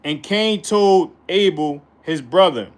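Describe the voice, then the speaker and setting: A man's voice: high voice, slow pace. A man teaching the Bible in an informal way, reading verses aloud and breaking in with colloquial, emphatic commentary.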